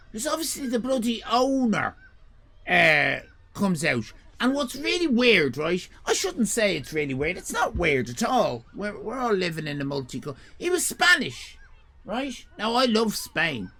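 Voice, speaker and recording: A man spins a comic story on a livestream, rambling and swearing, with plenty of fillers and restarts. His voice is gravelly and bright, and his pitch swoops up and down as he goes. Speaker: streamer.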